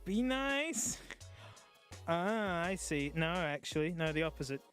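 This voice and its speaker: A man's voice: fairly high pitch, sing-song, unhurried, a bit bright, soft background music. A man doing casual, jokey live-stream gaming commentary, yelping and groaning at the game as he plays.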